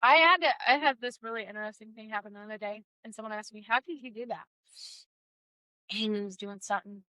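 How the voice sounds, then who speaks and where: Bright-voiced woman, blunt casual chat. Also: mid-range voice, fast talker, dry recording, rough recording. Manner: blunt and profane, lively storytelling. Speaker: podcast co-host.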